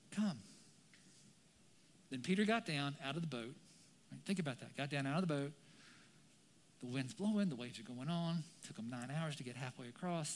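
A man preaching a sermon to a congregation and online viewers, animated and conversational, often checking in with "right?". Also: sits high. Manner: animated, keeps asking "right?". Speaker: pastor. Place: church, some viewers online.

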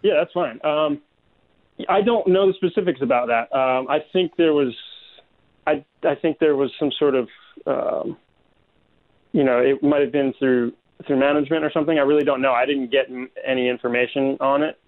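A man's voice: mid-range voice, normal speed. A man being interviewed as a guest artist, speaking hesitantly with many ums. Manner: hesitant, soft-spoken, full of ums. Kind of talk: casual interview chat. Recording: tinny phone-like line.

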